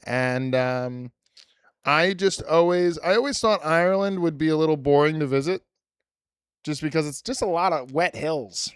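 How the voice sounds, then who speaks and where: A man's voice: fairly high pitch, moderate pace, clean tone, dry recording, studio quality. A young man hosting a podcast, chatting casually and rambling with lots of restarts. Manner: rambling, self-deprecating, with many restarts. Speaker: podcast host. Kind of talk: casual chat.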